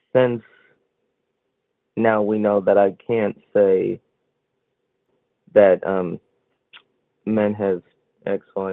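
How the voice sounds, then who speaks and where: Male caller, low and creaky, unsure and stumbling, phone-line audio. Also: no room sound. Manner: hesitant, halting, many false starts. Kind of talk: call-in debate. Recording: dry tinny phone line.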